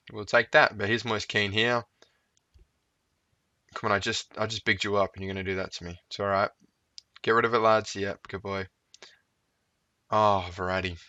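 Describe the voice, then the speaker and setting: A man's voice: on the low side, pushed and bright, dry recording. A young man chatting casually through his football management game, talking to his players on screen as he goes. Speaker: gaming YouTuber. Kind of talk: casual let's-play commentary. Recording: dull, slightly lo-fi sound.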